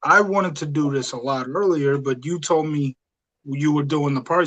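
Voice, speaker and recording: A man's voice: on the high side, moderate pace, fairly bright tone, poor audio. A man co-hosting a casual podcast, enthusiastic and rambling, with frequent hesitations. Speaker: podcast co-host.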